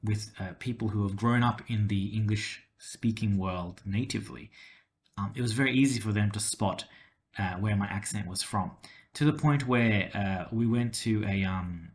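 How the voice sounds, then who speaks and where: A man's voice: lowish voice, moderate pace, a little hiss or hum. A man with a mild Australian accent telling a personal story to camera, with many fillers and restarts. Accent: Australian, toned down. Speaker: language-learning vlogger.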